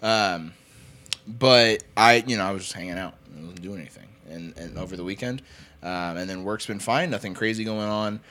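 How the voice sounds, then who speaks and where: A man's voice: lowish voice, normal speed, pushed and bright. A young man in his twenties, casually telling rambling stories on a podcast, swearing and laughing often. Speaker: podcast co-host. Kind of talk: casual chat.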